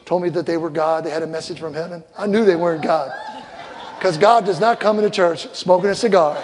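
An older man preaching a sermon as a pastor, telling stories with loud punchlines and soft asides. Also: high-pitched. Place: church sanctuary. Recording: long hall reverb, faint crowd ambience.

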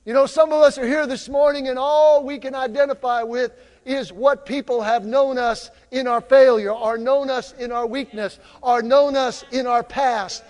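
A male pastor preaching a lively sermon in a church, drawing the congregation into call-and-response. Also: very high voice, normal speed, big-room sound. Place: church sanctuary.

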